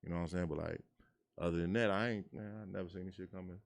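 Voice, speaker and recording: A man from Chicago in his thirties, telling stories in casual chat and acting out quotes in a high voice. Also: rapid-fire, vocal fry. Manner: animated storyteller, acts out quotes in a high voice. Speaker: guest.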